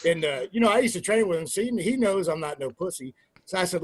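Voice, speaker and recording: Husky fast-talking former wrestler. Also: male voice, sits high. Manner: animated, profane storyteller acting out quoted dialogue. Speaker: former pro wrestler, guest. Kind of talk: casual storytelling interview.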